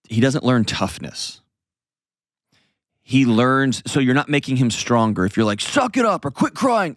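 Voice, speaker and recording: A man's voice: mid-range voice, no room sound, clean studio sound. A man hosting an advice show, explaining casually to a caller with acted-out examples and frequent "right?" checks.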